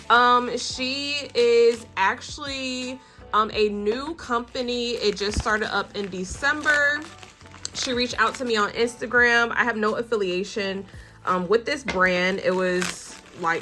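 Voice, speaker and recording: A woman talks through a nail product review in a relaxed, chatty way, filling pauses with ums and calling her viewers y'all. Her voice is bright and forward, at a middle pitch. Soft music plays behind her. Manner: chatty, many fillers, addresses viewers as y'all. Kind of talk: casual vlog chat.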